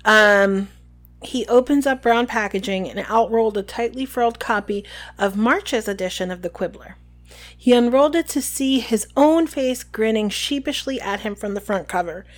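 A woman co-hosting a relaxed podcast, her voice pitched a little high for a woman. She chats and reads book passages aloud, giving the quotes lively voices. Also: normal speed. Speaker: podcast co-host. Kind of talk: casual chat reading book passages aloud.

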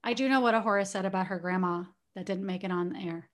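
A woman co-hosting a casual chat, telling gossipy stories in an animated way. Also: medium pitch, fast talker. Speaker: podcast co-host.

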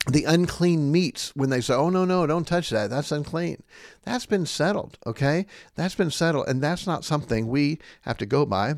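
A man's voice: medium pitch, dry recording. Guy preaching hard, voice jumps up and down a lot, dry close mic, mocking questions. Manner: emphatic, scornful rhetorical questions. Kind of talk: preaching on a podcast.

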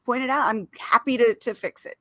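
A woman's voice: fairly high pitch, a little fast, fairly bright tone, dry recording, studio quality. A woman who writes and edits, chatting casually in a blunt, matter-of-fact way and laughing often. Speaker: author and editor. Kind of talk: casual chat.

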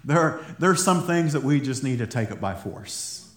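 A man preaching a sermon to his congregation, animated, laughing often and repeating words as he goes. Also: medium pitch, normal speed. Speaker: pastor. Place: church hall. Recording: echoey church room.

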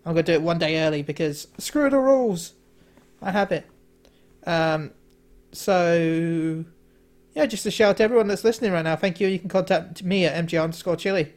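A man's voice: on the high side, brisk, a little mellow. A man co-hosting a casual podcast chat, hesitant, with many fillers. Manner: hesitant, lots of uh and um. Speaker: podcast co-host.

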